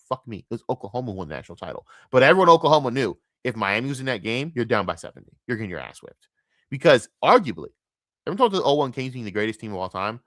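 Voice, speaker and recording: A man hosting a podcast, delivering a heated, profane sports rant that swings between loud outbursts and low mutters. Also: no echo, clean studio sound. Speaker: podcast host.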